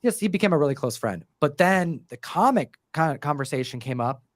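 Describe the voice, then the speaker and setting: Expressive and fairly quick, a man with a slightly high voice rambles casually about his comic book work, with plenty of fillers and restarts. He co-writes comics and hosts a show, and this interview chat is recorded dry with clean studio sound.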